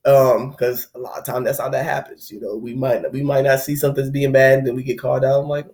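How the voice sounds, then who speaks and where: A man's voice: medium pitch, level tone, fast, hardly any pauses, darkish tone. Young man chatting casually, acting out inner voices. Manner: loose and conversational, acts out inner voices. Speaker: spiritual video host. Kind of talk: casual spoken talk on heartbreak.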